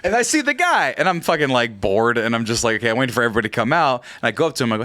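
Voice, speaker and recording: A man's voice: mid-range voice, very animated, very fast, hardly any pauses, pushed and bright, no echo. A man casually telling a long funny anecdote on a podcast, acting out the voices and laughing often. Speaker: podcast co-host. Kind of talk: casual storytelling.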